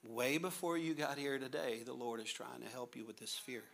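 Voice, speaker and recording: This pastor, a middle-aged man, has a creaky, mid-range voice and talks at a normal speed. His sermon mixes scripture with funny, animated little scenes he acts out with his kids.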